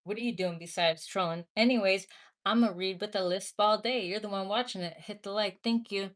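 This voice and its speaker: A woman's voice: mid-range voice, a little fast. A woman from the Midwest hosting a casual livestream, reading viewer comments aloud and talking back bluntly, with swearing. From American Midwest. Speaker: livestream host.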